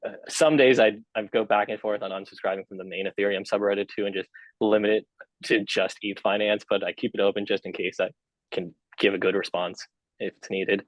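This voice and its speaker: A man's voice: on the low side, fairly even intonation, brisk, dry recording, dull audio. A young man as a podcast guest, talking casually and rambling with lots of fillers and restarts. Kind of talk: casual interview chat.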